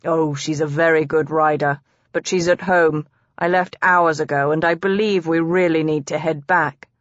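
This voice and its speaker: A woman's voice: deep voice, steady tone, normal speed, no echo, highs cut off, close to an everyday voice. A woman voicing a young nobleman who speaks with urgent worry. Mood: uneasy. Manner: urgent, worried. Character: young nobleman, anxious and alert.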